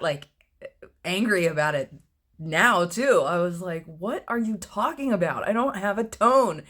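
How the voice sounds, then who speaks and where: A man in his thirties, chatting casually to camera in a personal vlog, with a low, mellow voice, laughing often at himself. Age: 30s. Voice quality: low, mellow voice with little fluctuation. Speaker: vlogger.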